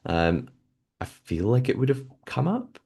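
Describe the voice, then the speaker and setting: A male podcast host walks through the events of an episode in casual, conversational speech. His voice sits at an ordinary middle pitch, and he pauses often to think out loud. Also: huge pitch swings, vocal fry, slightly rough. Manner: conversational recapping with frequent fillers and restarts.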